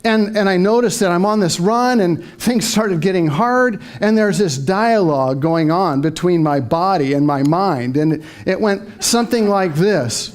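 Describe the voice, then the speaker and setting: A man's voice: high voice, lively intonation, a little slow, hardly any pauses. A middle-aged man giving a motivational talk to a live audience, telling a story and acting out his own inner dialogue. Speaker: motivational speaker.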